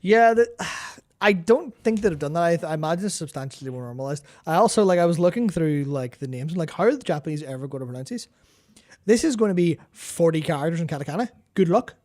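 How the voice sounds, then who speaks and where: A man's voice: a little high, expressive, fast, darkish tone. A man co-hosting a casual gaming chat, rambling, repeating words while he hunts for terms, and swearing casually. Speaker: podcast co-host.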